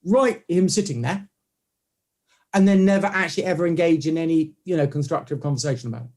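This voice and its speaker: A man speaking with a fairly high voice, animated and conversational as he tells stories. He often slips into quick impressions of the people he describes. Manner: animated storytelling, acts out quoted voices. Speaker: guest, orthodontic clinician. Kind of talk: conversational interview.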